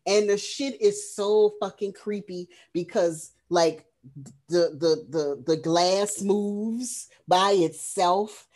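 A woman co-hosts a movie review podcast in easy, casual chat. She retells a film's plot with lively energy and plenty of profanity. Her talk is loose and rambling, packed with "um" and "like.". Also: medium pitch, takes it slowly. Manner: frequent fillers like "um" and "like".

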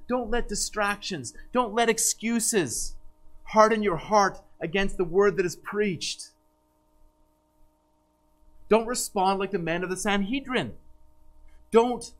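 Earnest pastor preaching with rising emphasis. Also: male voice, sits high, rough recording. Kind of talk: sermon.

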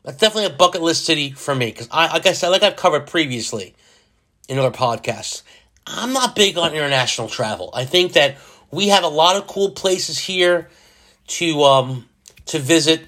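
Sick with a cold, a middle-aged podcaster delivers a casual solo monologue, wandering from topic to topic and cracking self-deprecating jokes. He speaks at normal speed in a slightly high, animated, sharp-toned voice.

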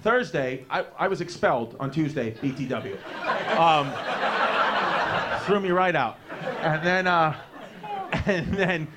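A man's voice: on the high side, slow, pauses often, heavy background noise. A man, doing profane, rambling stand-up storytelling on a club stage. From New York. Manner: brash, profane, rambling with fillers. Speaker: stand-up comedian. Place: comedy club stage with live audience.

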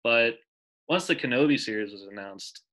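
In a low-quality recording, a man in his twenties speaks at normal speed with a sharp tone in a mid-range voice. He is co-hosting a casual podcast chat, rambling with restarts and sounding enthusiastic and emotional.

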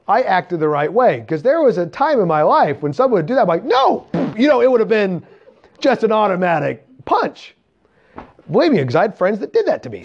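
A man telling a story in a sermon, acting out the voices of the people in it. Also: high-pitched. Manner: animated, acts out voices in anecdotes. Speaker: camp preacher. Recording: dull lo-fi sound.

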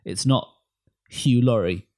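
A man co-hosting a casual film chat, opinionated and animated, often restarting his words. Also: medium pitch, slow.

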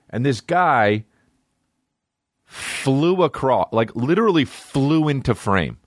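A male comedian hosting his podcast, rambling through a profane, animated monologue. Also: medium pitch, slow pace, no echo, clean studio sound.

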